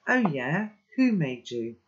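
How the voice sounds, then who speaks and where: A man's voice: on the high side, sing-song, takes it slowly. A man doing an earnest, urgent young boy. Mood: accusing. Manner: urgent, pressing questions, pleading. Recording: dull lo-fi recording.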